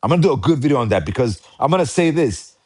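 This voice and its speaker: A man with an American accent chatting casually about boxing, excitable and rambling, often repeating himself. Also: medium pitch, racing, husky. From United States. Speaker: boxing commentator. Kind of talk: casual live chat.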